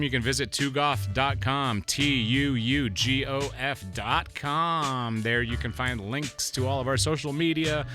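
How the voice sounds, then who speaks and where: Bright-voiced jokey podcast host man. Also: mid-range voice. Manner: jokey, wry sign-off patter. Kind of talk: casual chat.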